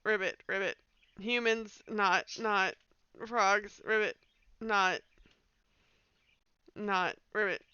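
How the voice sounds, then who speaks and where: A streamer voicing a chorus of game frogs that share one mind, speaking in choppy single words broken up by croaks. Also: mid-range voice, slow, long pauses, bright, forceful tone, no room sound, muffled recording. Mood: croaky.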